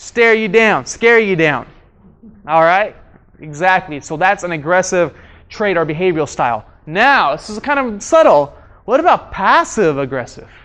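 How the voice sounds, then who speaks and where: A man's voice: high voice, lively intonation, moderate pace, a bit bright. A man leading a communication workshop, asking the room questions and repeating his key points. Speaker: communication trainer. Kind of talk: live workshop instruction. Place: training room with audience.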